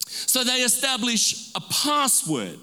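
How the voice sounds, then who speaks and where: In a church sanctuary, a man preaches as pastor with an extremely high, sharp voice that swings hugely in pitch. He stretches out emphatic words and calls for amens in call-and-response fashion, and the large hall leaves a long reverb.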